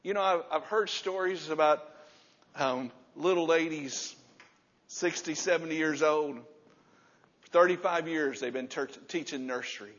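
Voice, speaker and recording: A man in his sixties preaching a sermon, repeating key words with emphasis and dropping to a soft, low voice to stress a point. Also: normal speed. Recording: muffled sound with long hall reverb.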